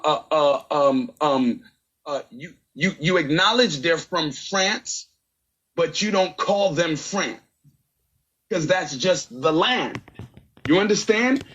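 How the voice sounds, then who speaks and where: A man's voice: on the high side, fairly bright tone, husky, highs cut off. A man debating in a voice chat room, emphatic and insistent, often ending points with "right?". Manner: emphatic, keeps asking "right?".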